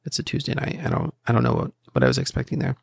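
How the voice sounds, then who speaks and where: A man's voice: mid-range voice, huge pitch swings, rapid-fire, gravelly, no room sound, studio quality. A man hosting a casual Christian podcast, talking earnestly in a rambling way with restarts and asides. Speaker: podcast host.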